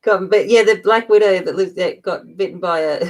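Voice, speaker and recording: A woman's voice: lowish voice, normal speed. A middle-aged woman with an Australian accent hosting a livestream, chatting casually and playfully with viewers and laughing often. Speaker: livestream host. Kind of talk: casual chat with viewers while colouring.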